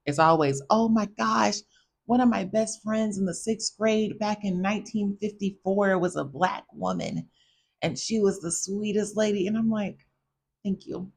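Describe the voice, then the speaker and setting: A young woman hosting a podcast, telling casual stories in a chatty, animated way and talking straight to her listeners. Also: mid-range voice, moderate pace, vocal fry, breathy edge. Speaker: podcast host. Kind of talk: casual storytelling monologue.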